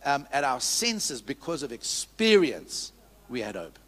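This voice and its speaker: Over soft piano at a church service, a pastor preaches in a sing-song, fairly bright mid-range voice without hurrying. He is fervent and open, inviting the congregation's call-and-response and sharing his personal testimony.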